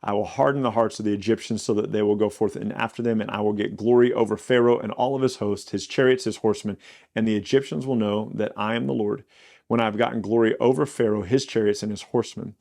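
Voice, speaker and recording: A man's voice: lowish voice, steady tone, creaky, darkish tone. Casual man teaching the Bible. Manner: conversational, acts out God's lines with quick quirky quotes. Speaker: Bible podcast host.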